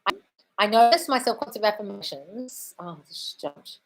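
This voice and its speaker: Reading questions from viewers' chat during a live Q&A, a manifestation coach gives blunt answers, swearing freely and calling people darling. Her medium-pitched voice is animated and moderately paced.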